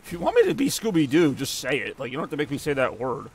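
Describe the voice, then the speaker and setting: A male streamer talks loosely through a live car soccer match. His voice sits at an ordinary middle pitch. He rambles and jokes as he answers the chat between plays. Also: huge pitch swings, quick pace, slightly rough.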